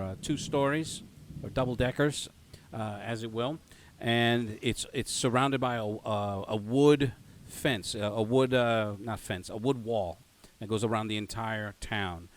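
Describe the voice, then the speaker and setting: A man's voice: medium pitch, a little hiss or hum. A man narrating a tabletop game as game master, hesitant with many fillers and self-corrections.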